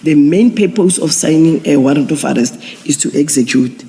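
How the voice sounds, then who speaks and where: A man, a police general giving formal testimony at an inquiry, measured and procedural with frequent restarts. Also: on the high side, warm tone. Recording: long hall reverb.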